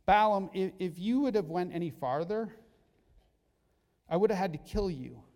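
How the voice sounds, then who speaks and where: A man voicing a stern male angel with a drawn sword, delivering a loud, forceful warning. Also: sits high, animated, moderate pace. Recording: long hall reverb.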